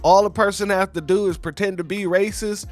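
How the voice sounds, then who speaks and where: A man hosting video commentary, speaking in a measured, sarcastic way and calling his audience family. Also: sits high, fairly even intonation, faint music behind. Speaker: host of a commentary channel.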